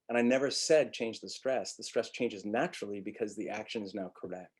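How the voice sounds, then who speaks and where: A male acting teacher gives a webinar lecture in a husky, slightly breathy voice. He talks bluntly and drops profanity freely. He breaks into short acted-out lines of dialogue to make his points. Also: on the low side. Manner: blunt, profane, animated, acts out quick quotes.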